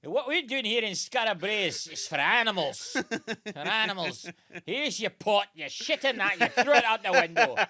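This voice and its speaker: A man voicing an indignant old father who shouts at his son, laughing through his lines. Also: sits high, expressive, moderate pace, pitched above the performer's own voice. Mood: outraged.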